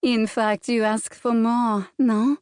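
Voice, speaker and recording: A woman's voice: fairly high pitch, flat delivery, takes it slowly, a little mellow, clean tone, no echo, clean studio sound, voice pushed up. A woman voicing a seductive French woman with a French accent, teasing and fawning.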